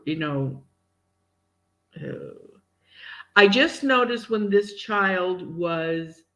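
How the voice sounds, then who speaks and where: A woman's voice: low voice, fairly bright tone. A woman co-hosting a casual chat, answering viewer questions as a medium and acting out voices in her stories. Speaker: psychic medium co-host.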